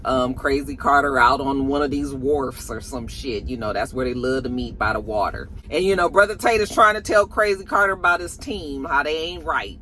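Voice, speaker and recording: A woman's voice: a bass voice, moderate pace, few pauses, sharp tone. A woman chatting through a TV episode recap in a sassy, gossipy way, calling listeners honey and child. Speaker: TV episode reviewer. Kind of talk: casual recap chat.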